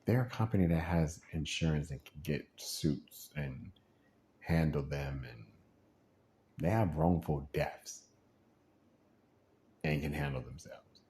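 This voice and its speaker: Very deep-voiced man venting. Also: takes it slowly, long pauses, slight background noise. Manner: animated, acts out quoted voices, frequent laughs; rambling, frustrated. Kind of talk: casual venting monologue.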